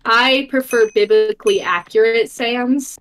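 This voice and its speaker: A woman's voice: fairly high pitch, unhurried, fairly bright tone. Dry teasing woman co-player. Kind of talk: casual gaming chat.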